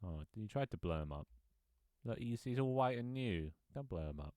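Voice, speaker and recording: A man with a very low voice chats loosely over a multiplayer game, teasing other players and breaking into chuckles. The sound is dry and close, with no room around it. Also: animated, moderate pace, dark tone, no room sound. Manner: playful, joking, chuckles often. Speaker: gaming streamer. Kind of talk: casual gameplay chat.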